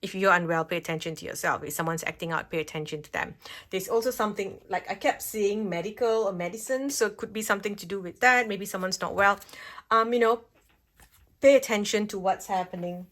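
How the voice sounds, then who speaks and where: A woman's voice: medium pitch, fairly quick, fairly bright tone. Chatty woman giving a tarot reading. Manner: chatty, reassuring, frequent "okay?" check-ins. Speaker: tarot reader. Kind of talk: pick-a-card tarot reading. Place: home, at a table with cards.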